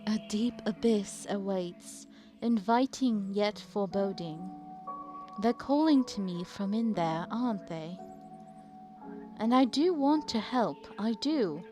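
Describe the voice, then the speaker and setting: Haunted, fearful woman in a put-on British accent, slow and hushed, faint music behind, a streamer voicing her. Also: mid-range voice, lively intonation.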